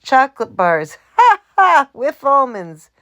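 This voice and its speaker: A woman voicing an easygoing male truck driver who breaks into high bursts of laughter. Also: fast, darkish tone, lightly acted. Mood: laughing.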